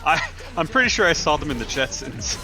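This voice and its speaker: A man's voice: fairly high pitch, very animated, a little fast, pushed and bright, soft background music, low-quality recording. A man in casual chat on a stream, joking in a dry, laid-back way.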